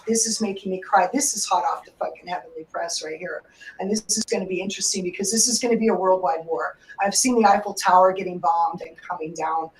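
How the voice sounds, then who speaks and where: A woman hosting a live call-in radio show, talking in an emotional, rambling way and swearing freely. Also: mid-range voice. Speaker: psychic radio host. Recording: echoey room, distant mic.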